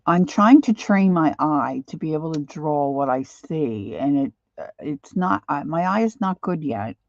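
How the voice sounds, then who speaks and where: A middle-aged woman chatting casually and self-deprecatingly while she draws, halting with fillers as she works. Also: low voice, lively intonation, darkish tone, dry recording, lo-fi sound. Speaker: art journaling vlogger. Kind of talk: casual live drawing chat.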